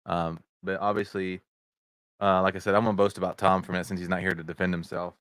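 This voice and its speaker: Deep-voiced middle-aged guy hosting a video chat show, lots of ums, dry mic. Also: level tone, fast, fairly bright tone, no room sound. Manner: rambling, with many fillers, greets viewers in chat. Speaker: podcast host. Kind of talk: casual livestream chat. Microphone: video chat setup.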